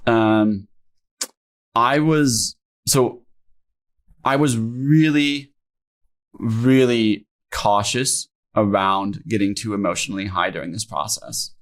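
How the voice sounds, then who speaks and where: A man's voice: fairly low pitch, slow pace. A young man, a company founder, telling his story candidly in a podcast interview, filling his talk with "like" and "um". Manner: informal, many fillers like "like" and "um", emotional retelling. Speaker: founder guest.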